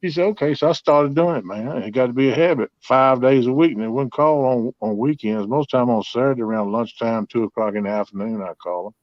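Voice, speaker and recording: A man's voice: mid-range voice, brisk, few pauses, dry recording. Folksy man in his fifties. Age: 50s. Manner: folksy, drawling, heartfelt. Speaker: host. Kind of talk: casual storytelling chat. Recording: dull lo-fi sound, dry.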